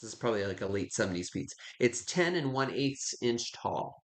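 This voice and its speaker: Man, live sale host, chatty, gushing, medium pitch. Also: expressive, normal speed. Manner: chatty, gushing over items, greets viewers by name. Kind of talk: live online auction selling.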